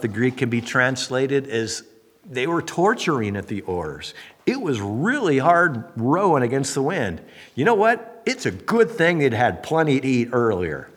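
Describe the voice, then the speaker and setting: Husky male pastor, animated sermon delivery with a swooping pitch, in a reverberant hall. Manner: animated, acts out quoted voices.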